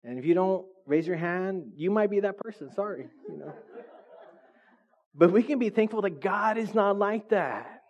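A man preaching a sermon as a pastor, lively and joking, acting out voices from his stories. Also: high-pitched, moderate pace. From California. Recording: dull lo-fi sound.

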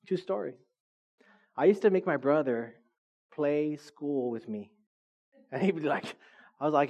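Upbeat pastor with a slightly high voice. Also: male voice, brisk, pauses often. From California. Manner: lively, joking, acts out voices of people in his stories. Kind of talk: sermon. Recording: dull lo-fi sound.

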